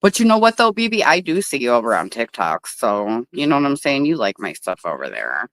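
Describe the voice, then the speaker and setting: A woman's voice: extremely low pitch, big pitch swings, a little fast, a bit bright. A woman hosting a casual livestream outdoors at a table, chatty and blunt and swearing freely. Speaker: livestream host.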